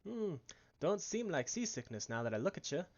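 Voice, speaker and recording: A man's voice: fairly high pitch, very animated, moderate pace, dull audio. A man voicing a chatty, folksy male merchant aboard a ship, reading game dialogue with a wobbly attempt at an Irish accent. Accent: attempted Irish, drifting. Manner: folksy, slangy, wavering accent.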